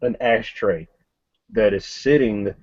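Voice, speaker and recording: A man narrating a tabletop game scene in detail, with halting restarts. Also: on the low side, a little mellow, muffled recording.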